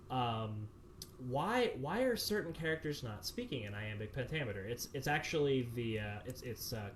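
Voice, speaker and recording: A man's voice: medium pitch, a little hiss or hum. Rambling man explaining over a video call. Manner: rambling, many fillers and restarts. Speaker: director of a community theater production. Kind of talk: explanatory Q&A answers.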